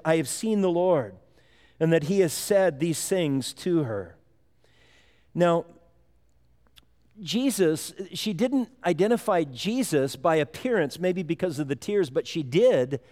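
A man's voice: medium pitch, normal speed, a little mellow. A middle-aged man preaching a sermon in a conversational, folksy way, acting out little quotes as he goes. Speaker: pastor. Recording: long hall reverb.

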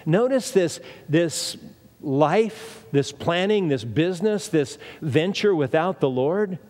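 A man's voice: a little high, lively intonation, slow, a little mellow. Emphatic male preacher in a reverberant hall. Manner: emphatic, repeats phrases and asks rhetorical questions. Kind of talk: sermon. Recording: long reverb of a large hall.

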